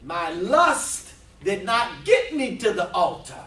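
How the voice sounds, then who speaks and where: A man preaching a sermon to a congregation, joking and then rising to shouts. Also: high-pitched, very animated, slow pace, echoey room, distant mic. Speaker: minister. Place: large hall with live congregation. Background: congregation responding.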